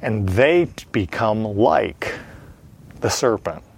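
A man's voice: on the low side, animated, gravelly, slightly rough. A man preaching an expository sermon, reading scripture aloud and explaining it verse by verse, with frequent "uh" fillers. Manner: measured teaching delivery with frequent "uh" fillers.

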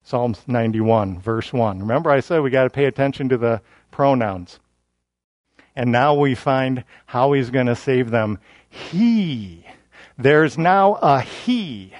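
A man's voice: mid-range voice, darkish tone, no room sound. A man teaching a verse-by-verse sermon in a conversational, self-deprecating way, often restarting his sentences as he explains scripture. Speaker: Bible teacher.

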